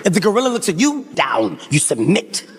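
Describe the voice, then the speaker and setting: A comedian voicing a solemn male tour guide who gives slow, commanding rules in a lowered voice. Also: big pitch swings, slightly rough, full character voice. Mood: grave, commanding. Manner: slow, grave, commanding instruction.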